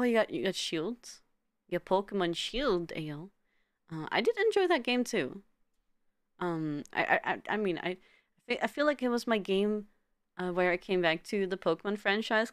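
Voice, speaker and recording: A woman's voice: lowish voice, expressive, normal speed, clean tone, no room sound. A woman streamer chatting casually with her viewers, giggling often and stumbling over repeated words.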